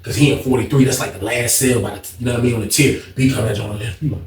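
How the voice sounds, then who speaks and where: A man casually telling a story in an animated, profane, slang-heavy way. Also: mid-range voice, very fast, slight background noise. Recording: roomy echo.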